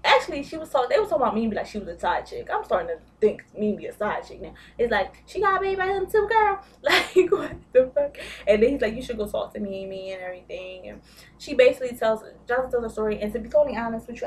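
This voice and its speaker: A woman's voice: mid-range voice, far from the mic, a little hiss or hum. A young woman vlogging a casual, gossipy recap of a reality show, blunt and profane.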